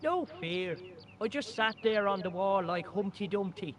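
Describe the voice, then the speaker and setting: An actor playing a cheeky, boastful young Irish boy in a game, with a high, boyish, chirpy way of telling tales. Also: animated, normal speed, fairly bright tone. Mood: spooky tale. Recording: game audio with music behind.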